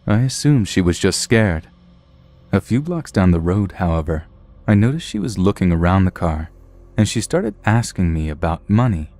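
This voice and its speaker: A man giving a scripted narration of a true horror story in a calm, matter-of-fact way. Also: sits low, moderate pace.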